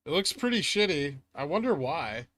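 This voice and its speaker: Bright-voiced man riffing casually to chat. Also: on the high side, big pitch swings, moderate pace. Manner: sardonic, swears often, laughs at himself. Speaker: streamer reading chat. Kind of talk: casual live-stream chat.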